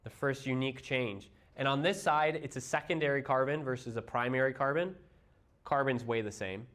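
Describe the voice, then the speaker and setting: A man's voice: mid-range voice, moderate pace, a bit bright. A man with a Midwestern accent reviewing chemistry for a class, explaining step by step with everyday analogies and quizzing his students. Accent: Midwestern American. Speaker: chemistry teacher.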